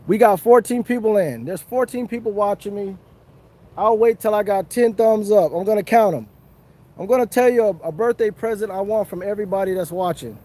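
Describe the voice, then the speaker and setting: A man's voice: sits high, brisk, darkish tone. A man chatting casually and earnestly to viewers on an outdoor fishing livestream. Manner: chatty, repetitive, earnest, chuckling. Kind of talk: casual live-stream chat. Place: outdoors under a tree.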